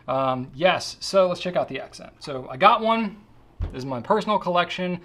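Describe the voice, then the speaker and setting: A man hosting a pen shop question-and-answer show, talking casually and easygoing, thinking out loud as he handles a pen. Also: mid-range voice, gravelly. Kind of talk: casual chat.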